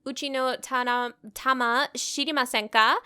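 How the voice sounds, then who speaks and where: A woman's voice: high voice, fairly even intonation, normal speed, sharp tone, clean tone, no echo. A woman co-hosting a podcast in casual chat, giggly and reading a synopsis aloud with wry asides. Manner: giggly, reads aloud and comments wryly as she goes. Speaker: podcast co-host.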